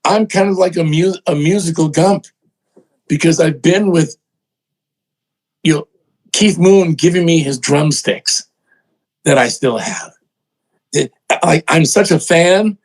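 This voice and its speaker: An older man, a songwriter and producer, telling animated stories in an interview, acting out other people's voices and poking fun at himself. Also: a little high, slow pace, pauses often, low-quality recording. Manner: excitable, acts out voices in quotes, self-mocking.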